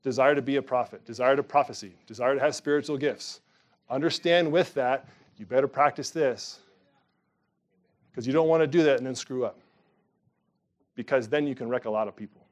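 A middle-aged man preaching a sermon from the pulpit, emphatic and animated, with sudden loud rises. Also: medium pitch, a little fast, long pauses. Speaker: pastor.

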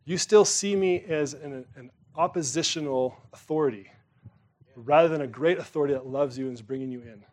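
A man's voice: a little high, fairly quick. Man preaching in a conversational sermon. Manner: conversational preaching, swings between emphatic and quiet. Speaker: pastor.

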